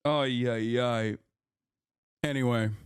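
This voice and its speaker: A man streaming live, reacting with loud, mocking, animated rants. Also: medium pitch, slow pace, clean tone, no echo, studio quality.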